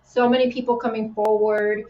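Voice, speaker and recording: A woman's voice: on the high side, little pitch movement, moderate pace. A woman hosting a livestream in casual chat, emotional and tearful, rambling with many restarts. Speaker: livestream host. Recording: roomy, dull lo-fi stream audio.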